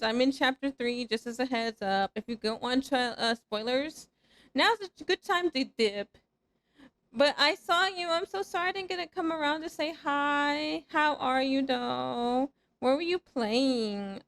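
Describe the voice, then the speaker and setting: Playful young woman streamer, bright squeals. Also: sits high. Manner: playful, teasing, bursts into squeals and laughs. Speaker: VTuber streamer. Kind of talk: casual live-stream chat while gaming.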